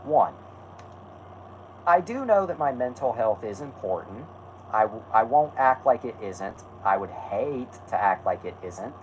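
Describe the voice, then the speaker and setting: A man's voice: mid-range voice, very animated, unhurried, muffled recording, slight background noise. A man hosting a live stream, talking casually and rambling, correcting himself and snapping back at his chat.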